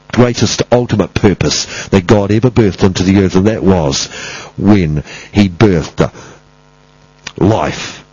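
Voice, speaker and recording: Husky-voiced man preaching a sermon. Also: lowish voice, darkish tone, no echo, lo-fi sound. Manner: emphatic, repetitive preaching cadence.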